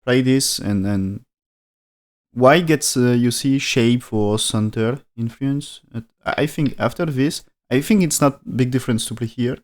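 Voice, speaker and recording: A man's voice: medium pitch, unhurried. Hesitant man reviewing a board game. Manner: hesitant, thinking aloud with frequent restarts; speaks non-native English with dropped articles. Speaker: go game commentator. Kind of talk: live-stream game review.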